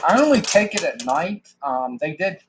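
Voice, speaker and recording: A slightly higher-voiced man talks casually on a live stream, a little winded as he chats. He greets viewers by name and laughs easily. Coins and machinery clatter clearly behind him. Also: very animated, moderate pace, noisy background. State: out of breath.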